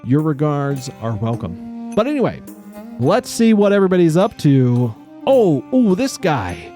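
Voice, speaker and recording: A man's voice: on the high side, huge pitch swings, a little slow, dark tone, faint music behind. Chatty young man streaming a game. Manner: chatty, jokey, full of "like". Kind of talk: casual game commentary.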